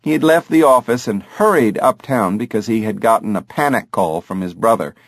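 A man narrating an audiobook in an expressive, animated reading style. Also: lowish voice, normal speed, creaky, dry recording, studio quality. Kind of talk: scripted narration.

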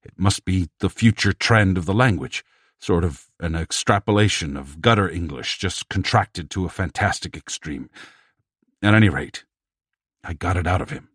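A shaken male language expert with a quavering voice, low and deep, as a male narrator reads him. His amazed lines come out close and dry, with no room around them. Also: lively intonation, normal speed, a bit bright, slightly rough, dry recording, exaggerated voice. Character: startled middle-aged male language scholar.

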